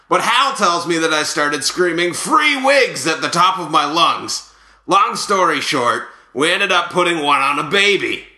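A man playing an older male ex-ballplayer who tells rambling, boastful, made-up stories in a deadpan way. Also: fairly high pitch, echoey room, exaggerated voice.

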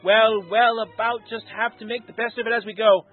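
A man with a husky voice reading the lines of a stern, short-tempered female starship captain in a story, recorded thin and tinny. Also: high voice, little pitch movement, brisk, faint music behind. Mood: rueful.

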